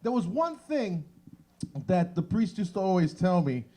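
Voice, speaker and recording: A man hosting a stand-up comedy show in a bar, animated and acting out bits. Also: high voice, a little slow. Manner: animated, shifts into exaggerated voices for bits.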